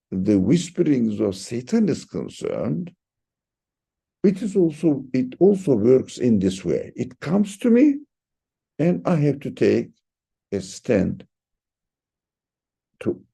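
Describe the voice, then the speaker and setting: A man teaching a reflective religious lesson, often halting and repeating words, and rising sharply in pitch to stress a point. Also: creaky, dark tone, husky.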